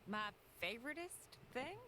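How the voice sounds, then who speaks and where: An actress voicing a sweet, motherly grown woman in a video game, speaking in a slow Southern drawl. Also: high-pitched, sing-song, bright, forceful tone, slight background noise, heavily acted. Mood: folksy, sweet.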